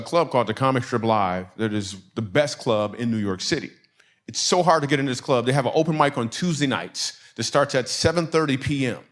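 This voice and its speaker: A middle-aged man from Michigan tells a comic story as a church message. He acts out each person's lines in a voice of middling pitch. A crowd laughs along. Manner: animated storyteller acting out dialogue, audience laughing. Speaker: comedian and speaker.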